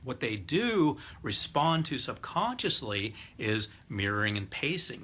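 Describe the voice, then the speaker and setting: A man's voice: medium pitch, very animated, normal speed, few pauses, a bit bright, husky. A middle-aged man lecturing a live class on rapport techniques, explaining step by step and demonstrating voices and breathing aloud. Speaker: hypnotist teaching NLP.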